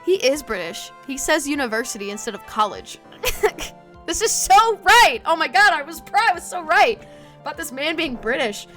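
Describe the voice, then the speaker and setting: A woman's voice: high-pitched, big pitch swings, moderate pace, a bit bright, faint music behind. An American woman streaming a game, chatting casually to herself, giggling and swearing often. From United States. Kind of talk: casual gameplay commentary.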